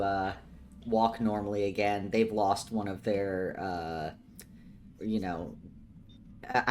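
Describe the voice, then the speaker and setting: A man narrating as game master of a tabletop game, unhurried and full of ums. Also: lowish voice, a little hiss or hum. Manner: unhurried, with many ums and chuckles.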